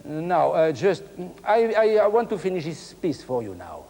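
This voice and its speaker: A man's voice: a little high, very animated, moderate pace, mellow, a little hiss or hum. An older man whose first language is French, coaching a masterclass in broken English, singing phrases aloud and mixing in French words. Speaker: cello teacher. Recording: hall with music playing.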